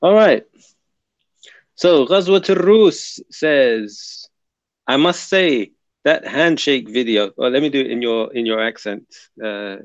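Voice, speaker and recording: A man's voice: mid-range voice, expressive, slow, no room sound. A man hosting a casual livestream, chatting and muttering to himself as he reads comments and sets up links. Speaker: livestream host. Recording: dull lo-fi dry sound.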